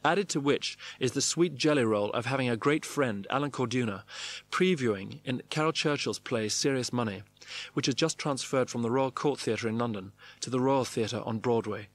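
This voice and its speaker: A man's voice: mid-range voice, moderate pace, dry recording. Man reading a wry diary. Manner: clipped, wry diary-style phrasing. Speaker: narrator. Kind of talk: reading a memoir diary aloud.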